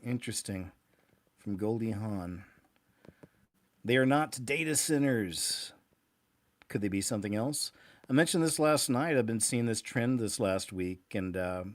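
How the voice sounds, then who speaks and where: A man's voice: lowish voice, no room sound. A male host giving loose, conversational commentary on clips, chuckling now and then.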